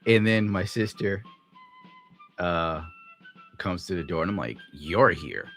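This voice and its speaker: A man's voice: low-pitched, expressive, slow, a bit bright, faint music behind. A tired man live streaming, telling a rambling, profane story in a grumbling way. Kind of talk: rambling livestream rant.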